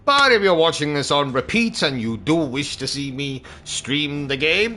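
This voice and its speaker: Man signing off a gaming stream brightly. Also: on the high side, very animated, moderate pace, hardly any pauses. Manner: theatrical, mock-grand delivery. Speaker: gaming channel host. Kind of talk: live stream commentary and sign-off.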